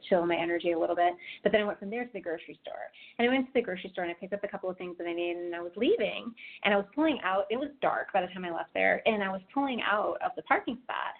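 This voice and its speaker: A woman co-hosting a casual chat, telling stories in a chatty way with lots of fillers. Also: lowish voice. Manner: chatty storyteller, many fillers. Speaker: co-host. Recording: tinny phone-like line.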